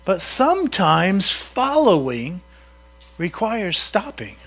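A man's voice: high voice, wildly swooping pitch, slow pace, gravelly, bright, forceful tone. A man preaching a sermon in a conversational way, often asking his congregation questions. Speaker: pastor.

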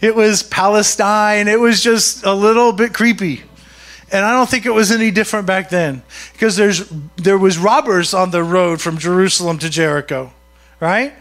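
Man, pastor, sermon, high voice, chatty, asks the room questions. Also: moderate pace, a bit bright. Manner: conversational, asks the congregation questions.

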